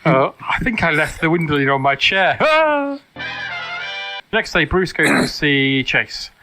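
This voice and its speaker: A man co-hosting a podcast, recapping a film in a casual, deadpan comic way. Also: a little high, unhurried, music in the background. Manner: deadpan recapping with mock quotes. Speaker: podcast co-host. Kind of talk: casual comedic film commentary.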